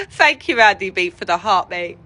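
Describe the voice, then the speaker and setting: A woman's voice: mid-range voice, big pitch swings, a little slow, pushed and bright. A woman chatting casually with viewers on a livestream. She laughs often and swears casually. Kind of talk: casual chat with live viewers.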